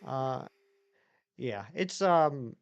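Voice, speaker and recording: A man's voice: mid-range voice, animated, extremely slow, smooth, highs cut off. A man live-streaming who chats loosely with viewers, reads their messages aloud and rambles with many restarts. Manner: rambling, chatty, reads chat aloud and answers it. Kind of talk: casual live-stream chat.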